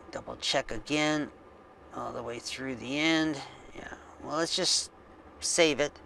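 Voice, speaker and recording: A man hosting a coding tutorial, thinking aloud slowly with frequent ums as he works on screen. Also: medium pitch, sharp tone, a little hiss or hum. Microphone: desk mic with face cam.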